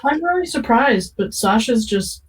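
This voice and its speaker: A woman's voice: a little high, expressive, moderate pace, far from the mic, a little hiss or hum, low-quality recording. A woman playing in a tabletop game, joking wryly over a voice call. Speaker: player. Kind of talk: casual tabletop game chat.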